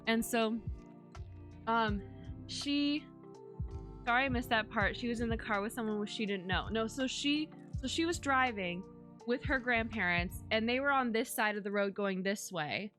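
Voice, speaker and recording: A woman's voice: a little high, moderate pace, a bit bright, faint music behind. Rambling young woman streamer. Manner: rambling, many fillers and restarts, earnest. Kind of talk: casual chat while streaming.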